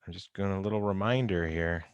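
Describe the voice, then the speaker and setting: A low-pitched, smooth male voice moves at a quick pace as a chemistry instructor reviews exam answers with his class in a wry, informal lecture. Recorded close on a computer mic over a video call, it has no room sound, and the highs are cut off.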